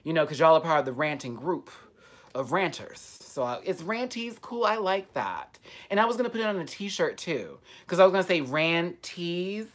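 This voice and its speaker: A man's voice: fairly high pitch, moderate pace. A man hosts a casual live stream and answers his viewers' comments. His delivery is sassy and playful, and his voice swings widely and expressively. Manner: sassy, playful and animated, with frequent laughs.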